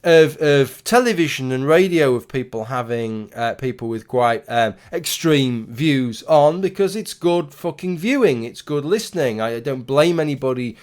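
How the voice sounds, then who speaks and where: Guy in his 30s ranting on his channel, mid-pitched voice, rambly and opinionated, swears a bit. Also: lively intonation, moderate pace, few pauses. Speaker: YouTuber. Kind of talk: casual talking-head commentary.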